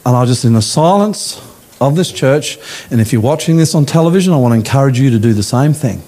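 A man preaching a sermon in a church, with slow, emphatic phrasing that rises and falls. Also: lively intonation, dark tone. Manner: emphatic preaching, slow deliberate phrasing with rising and falling pitch. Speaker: pastor.

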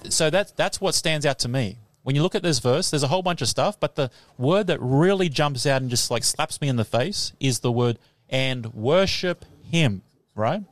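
A man's voice: medium pitch, moderate pace, few pauses, dry recording. A man teaching the Bible on live radio, quizzing a class in front of him and laughing often. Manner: lively, laughing, asks the audience questions. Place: tent or hall with a live audience.

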